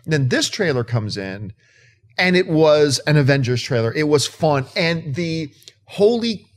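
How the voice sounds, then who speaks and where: A man hosting a casual movie news chat, his voice sitting a little high for a man. He talks with excitable emphasis and doubles up on words when he gets worked up. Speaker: host.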